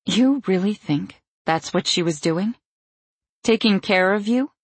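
A woman voicing a stern, protective middle-aged mother who speaks in a brisk, clipped, firm way. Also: medium pitch, animated, husky, no room sound, voice pushed up.

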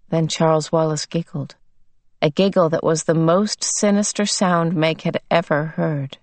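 Woman audiobook narrator, slow measured delivery, dry close sound. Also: low-pitched, steady tone, dry recording. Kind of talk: scripted narration.

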